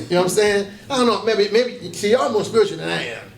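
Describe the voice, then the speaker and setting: Fast-talking and high-pitched with vocal fry, a pastor in his fifties leads a folksy conference workshop. He spins stories and performs the voices of the people he quotes. The breakout room echoes, and faint background noise comes through.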